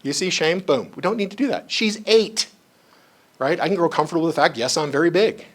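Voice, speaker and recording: A man's voice: a little high, brisk. Man giving a chatty training lecture. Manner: conversational, acts out quoted voices in stories; frequent asides like "you know" and "right". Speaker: psychologist giving a staff training.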